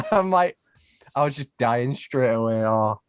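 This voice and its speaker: Male host, animated anecdote-teller, dry recording. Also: mid-range voice, unhurried, clean tone, no room sound. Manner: animated, laughing storyteller. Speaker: podcast host. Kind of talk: casual storytelling.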